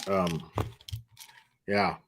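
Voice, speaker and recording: A man doing casual live commentary, telling profane, animated anecdotes and laughing often. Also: deep voice, drawn-out words, heavy background noise. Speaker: commentary streamer.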